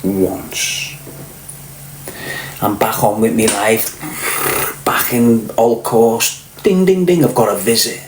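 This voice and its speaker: His fairly low voice barely moves in pitch, and he takes it slowly with frequent pauses against a noisy, echoey background. A middle-aged Liverpool man hosting a live stream, he tells crude, profane, boastful stories casually and replies to viewers by name.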